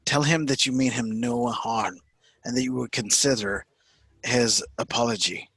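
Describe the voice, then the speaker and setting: A man voicing an earnest, diplomatic adventurer who persuades loudly. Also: mid-range voice, unhurried, husky, no room sound. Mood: persuasive.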